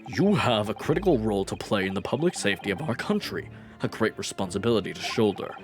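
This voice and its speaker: A man's voice: on the low side, very animated, music in the background, pitched below the performer's own voice. A man voicing a grave, formal male judge in a courtroom video game. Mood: stern. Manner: measured, formal pronouncements.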